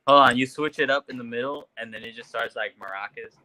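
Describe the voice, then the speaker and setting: Man with a bright, forceful voice. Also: mid-range voice, fast talker, no echo, rough recording. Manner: hesitant, full of "like" fillers. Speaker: podcast co-host. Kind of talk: casual podcast chat.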